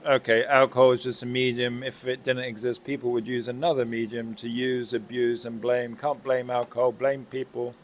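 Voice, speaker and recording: A man's voice: medium pitch, little pitch movement, moderate pace, hardly any pauses, slight background noise, poor audio. A British man chatting as a guest on a live stream, laid-back and dryly joking. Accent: British English. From Britain. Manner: laid-back, dry humour. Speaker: guest YouTuber. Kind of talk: casual live stream chat.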